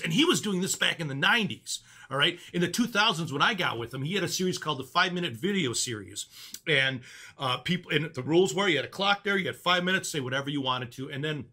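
Bright, rambling male vlogger. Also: fairly high pitch. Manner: rambling, lots of fillers and restarts, enthusiastic. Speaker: channel host. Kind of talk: casual chat.

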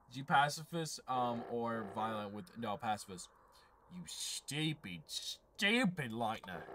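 A man voicing a scornful old king with a put-on slight British accent, in a deep, slow, drawling menace. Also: fairly bright tone, slight background noise, heavily acted.

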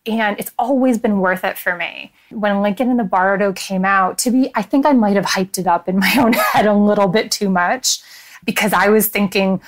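A woman guest on a book podcast, talking in a relaxed, chatty way. She tells her stories with lively energy and keeps slipping into giggles. Her voice sits at an ordinary middle pitch. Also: moderate pace. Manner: giggly, animated storyteller. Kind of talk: casual chat.

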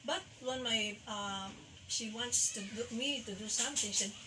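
A woman music teacher from the Philippines giving a recorded lesson, halting and full of fillers as she sounds out names by their syllables. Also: fairly high pitch. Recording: distant mic with faint background hiss.

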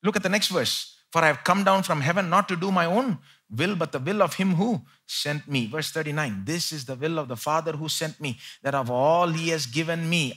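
A man with an Indian English accent preaching a live sermon in church, moving between loud emphatic peaks and quiet low asides. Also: animated, normal speed, husky. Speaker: pastor.

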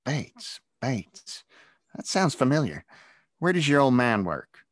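A sneering, menacing teenage bully from a read-aloud storybook, acted by a man in a voice pitched well above his own. He drawls his threats and mocks his target slowly. The voice sounds dry and close-miked. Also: big pitch swings, no room sound.

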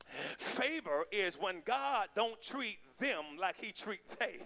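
A man pastor preaching a sermon, joking with the congregation and building to shouted calls. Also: sits high, lively intonation, slow, gravelly. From United States. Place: church sanctuary with congregation.

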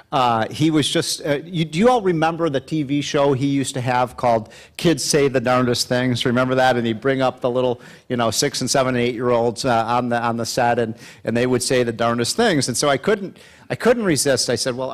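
A man of middling pitch speaks to a live audience, spinning anecdotes in a loose, chatty way. He stumbles and restarts often and leans on fillers as he talks. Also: moderate pace. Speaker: speaker at an event. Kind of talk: after-dinner speech with jokes.

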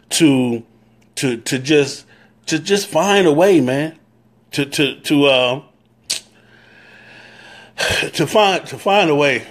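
A man with a Southern US accent giving a live-stream talk, preaching on brotherhood and greeting viewers by name as he goes. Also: mid-range voice. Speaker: motorcycle club leader.

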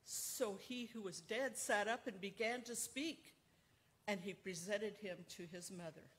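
A woman worship leader reading a scripture passage aloud in a slow, measured way. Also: medium pitch, a bit bright. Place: church sanctuary.

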